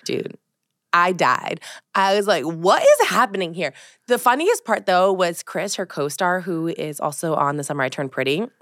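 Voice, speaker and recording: Animated young woman podcast co-host, lowish voice. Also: normal speed, no room sound, studio quality. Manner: animated storyteller, acts out quotes with lively voices. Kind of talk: casual chat.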